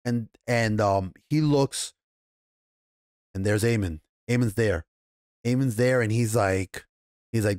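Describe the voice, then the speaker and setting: A man's voice: mid-range voice, unhurried, a little mellow, no room sound, studio quality. A man with a New York accent casually recapping and reviewing an episode, swearing freely and acting out the characters' lines as he goes. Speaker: show reviewer.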